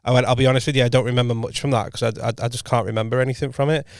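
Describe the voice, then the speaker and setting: Male podcast co-host, mid-pitched, rambling storyteller who keeps correcting himself and acts out quoted lines softly, dry close studio mic. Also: fairly even intonation, rapid-fire, gravelly, no room sound. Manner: rambling anecdote, frequent self-corrections and quoted dialogue. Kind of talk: casual storytelling chat.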